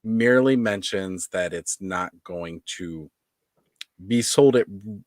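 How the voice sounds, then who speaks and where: A man's voice: low voice, slow pace, no room sound, studio quality. A man hosting a podcast, chatting casually with joking, easygoing banter. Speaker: podcast host. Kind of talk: casual chat.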